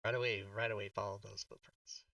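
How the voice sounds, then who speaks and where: A man's voice: lowish voice, level tone, quick pace, creaky, pushed and bright, no echo, far from the mic. A man playing a tabletop game, chatting casually, joking and sometimes confused. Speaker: player.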